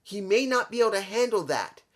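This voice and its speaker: A man's voice: high-pitched, animated, fairly quick. A man reviewing a wrestling show in a casual vlog, rambling, repeating himself and talking straight to his viewers.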